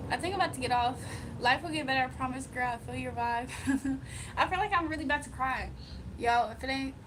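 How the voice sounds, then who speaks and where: Young woman from virginia chatting on her live, bit high voice, faint hiss behind, giggly and emotional. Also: brisk. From Virginia, USA. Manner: emotional, giggly, talks to chat. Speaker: livestream host. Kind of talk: casual livestream chat reading comments.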